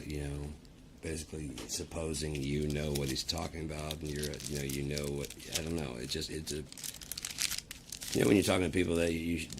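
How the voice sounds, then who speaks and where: A man's voice: a bass voice, vocal fry, a little hiss or hum. A man ranting in a casual, profane and rambling way, talking to the camera. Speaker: vlogger. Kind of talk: casual rant.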